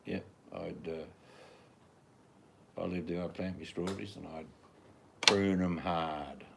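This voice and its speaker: A man's voice: low-pitched, fairly even intonation, a little slow, creaky, background noise. An older man with an Australian accent, chatting casually in a laid-back, slang-filled drawl outdoors in his garden. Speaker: vlogger. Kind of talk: casual vlog chat.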